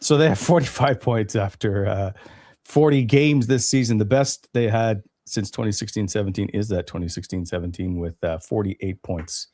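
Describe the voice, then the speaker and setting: A man's voice: on the low side, moderate pace, mellow, no room sound. A man hosting a casual sports radio show, leading the segment and quizzing his co-hosts with stats. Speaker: host.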